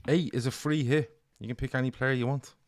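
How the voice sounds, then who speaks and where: A man's voice: medium pitch, fairly even intonation, crowd noise. A man hosting a casual football quiz podcast, running questions and calling answers right or wrong. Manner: brisk quizmaster, reads questions and scores answers. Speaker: quiz host.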